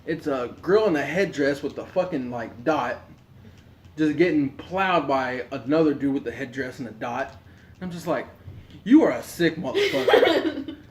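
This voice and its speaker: A man co-hosting a podcast, telling a story in an animated, profane way, laughing and acting out what people said. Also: medium pitch, normal speed, echoey room, slight background noise. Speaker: podcast co-host. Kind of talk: casual storytelling among friends.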